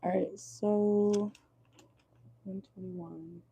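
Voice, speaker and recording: A hoarse woman whose voice is going out, chatting casually as she reads viewer comments during a live tarot reading. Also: mid-range voice, steady tone, drawn-out words, mellow, slight background noise. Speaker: tarot reader. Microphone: phone or laptop in a car.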